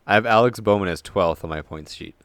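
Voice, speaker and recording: A young man co-hosting a casual racing podcast chat, tired from little sleep, relaxed and swearing freely. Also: sits low, fairly quick. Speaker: podcast co-host.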